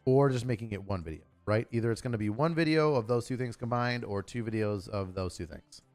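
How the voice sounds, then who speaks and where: A man hosting his own live stream, talking casually in a loud, crude, joking and rambling way. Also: on the low side, a little fast, soft background music. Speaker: channel host.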